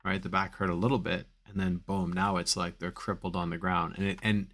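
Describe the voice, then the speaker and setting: A man's voice: low-pitched, level tone, fairly quick, fairly bright tone. A man coaching on back pain in a live Q&A stream, talking casually with many fillers and repeated phrases for emphasis.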